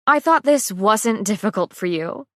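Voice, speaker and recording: A woman reading the lines of a defiant, sharp-tongued young heroine, raised and incredulous. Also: mid-range voice, expressive, measured pace, no echo, studio quality. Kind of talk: audiobook character reading.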